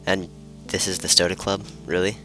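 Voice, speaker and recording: A man's voice: low voice, little pitch movement, normal speed, pushed and bright, soft background music. A man giving loose, sarcastic commentary while playing a video game, joking and reading lines aloud. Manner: sarcastic, rambling jokes, reads lines aloud. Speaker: let's play commentator. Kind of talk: casual gameplay commentary.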